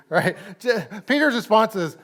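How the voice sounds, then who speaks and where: Chatty Texan pastor, fairly high voice. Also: male voice, expressive, measured pace, a bit bright. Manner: chatty, laughs often, says "right?" a lot. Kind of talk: casual conversational sermon. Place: church service.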